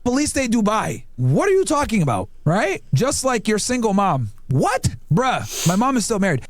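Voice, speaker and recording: High, lively mocking man, dry sound. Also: normal speed, few pauses, no echo. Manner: mocking, swears a lot, talks to his dog. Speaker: podcast host reading messages. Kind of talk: casual rant to viewers.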